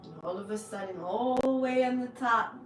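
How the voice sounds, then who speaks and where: A woman talks slowly and with feeling through a tarot energy reading. Her voice sits fairly high and sounds a little distant from the mic in an echoey room. Music plays behind her. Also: a little hiss or hum. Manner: slow, heartfelt and emotional, with drawn-out words. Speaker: spiritual reader, channel host.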